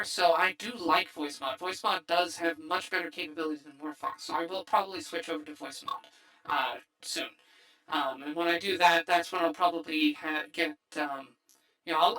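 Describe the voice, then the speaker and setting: Man through a bright voice changer. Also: sits high, poor audio. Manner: rambling with many fillers and restarts. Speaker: streamer host. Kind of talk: casual stream wrap-up chat.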